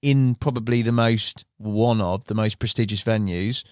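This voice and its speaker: A man hosting a podcast interview, reacting with quick chatty asides, on a studio mic. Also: on the low side, steady tone, a little mellow, no room sound. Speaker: podcast host. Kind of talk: casual interview chat.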